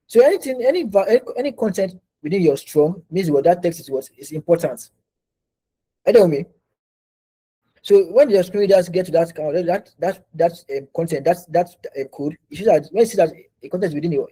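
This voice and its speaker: Male online instructor, rapid, looping delivery, dark and husky tone. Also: on the high side, poor audio. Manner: repetitive, restarts often, quizzing students. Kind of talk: online class teaching. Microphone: video call.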